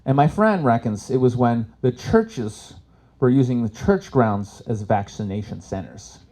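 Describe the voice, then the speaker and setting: A man's voice: lively intonation, a little slow. Profane stand-up comic man. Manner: profane, swings between loud punchlines and low asides. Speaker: stand-up comedian. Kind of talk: live stand-up set. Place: event stage before a live audience.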